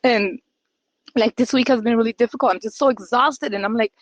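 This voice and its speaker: A woman's voice: on the high side, a little fast, no echo. Chatty woman sharing openly. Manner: open, emotional, acts out quoted voices. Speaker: podcast co-host. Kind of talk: casual podcast chat.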